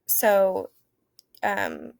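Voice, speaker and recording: A woman's voice: medium pitch, huge pitch swings, very slow, dry recording, clean studio sound. A young woman teacher from Oklahoma explaining early math ideas in a casual, hesitant way, with many fillers. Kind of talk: informal lesson on early math.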